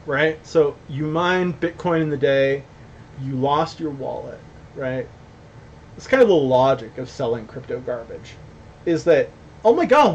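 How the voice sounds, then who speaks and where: A man's voice: medium pitch, a little mellow, lo-fi sound, a little hiss or hum. A young adult man giving blunt, rambling commentary on a stream, reading chat and swearing casually. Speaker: company founder hosting a stream.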